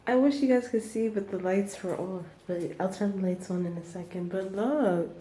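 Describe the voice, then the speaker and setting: A woman's voice: mid-range voice, moderate pace, hardly any pauses, noisy background. A woman in her early twenties from Trinidad, chatting loosely with lots of fillers as she vlogs her holiday. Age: early 20s. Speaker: vlogger. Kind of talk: casual travel vlog. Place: holiday resort in Jamaica.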